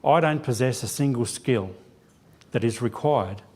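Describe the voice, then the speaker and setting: A man's voice: medium pitch, a little slow, darkish tone. A man giving a church sermon as a lay preacher, telling a self-deprecating personal story with quoted dialogue. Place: church sanctuary.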